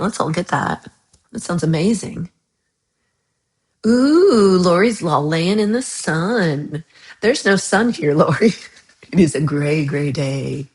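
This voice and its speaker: A woman hosting a casual livestream, chatting and reacting to viewer comments in a rambling way with frequent laughs. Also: deep voice. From United States. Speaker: livestream host.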